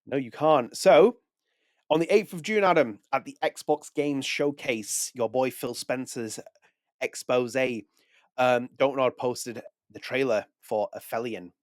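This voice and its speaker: A man's voice: medium pitch, measured pace, no echo, clean studio sound. A man hosting a podcast, talking casually, correcting himself and reading press text aloud. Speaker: podcast host.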